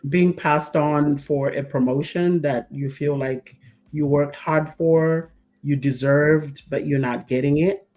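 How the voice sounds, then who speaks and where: A woman co-hosting a casual talk show, telling stories with lively quoted voices and frequent laughs. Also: deep voice, takes it slowly, soft background music. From Zambia. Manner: animated storyteller, acts out quoted voices, laughs often. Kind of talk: casual chat.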